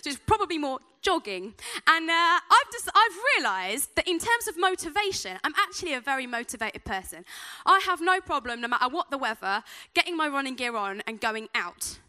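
A woman's voice: sits high, sing-song, fairly quick, pushed and bright. A woman preaching a sermon in a chatty, self-deprecating way, telling personal stories.

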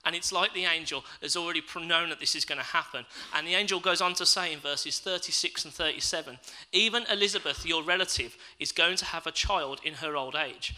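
A man's voice: fairly high pitch, fairly quick, few pauses, sharp tone, low-quality recording. A man preaching a sermon, reading scripture and then reflecting aloud and asking his listeners questions.

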